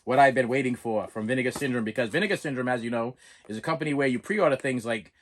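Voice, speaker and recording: A man's voice: mid-range voice, quick pace. A middle-aged man ranting in a comedic vlog, exasperated and stumbling over restarts. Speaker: vlogger. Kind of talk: comedic rant and unboxing vlog.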